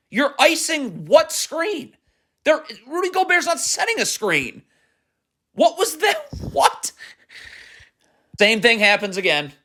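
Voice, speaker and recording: A man's voice: high voice, bright, forceful tone. A man angrily breaking down basketball game film, alternating between furious rants and instructive coaching explanations. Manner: furious, ranting, exasperated. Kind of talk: angry film-study commentary.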